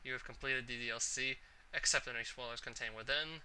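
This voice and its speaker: A man casually commenting on a game and reading its text aloud, thinking out loud as he goes. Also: mid-range voice, steady tone, brisk, slight background noise, low-quality recording. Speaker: let's player.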